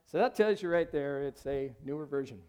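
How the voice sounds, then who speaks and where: High-voiced male pastor preaching. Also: fairly quick, mellow, clean tone. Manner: conversational, asks the congregation questions. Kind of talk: sermon. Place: church service.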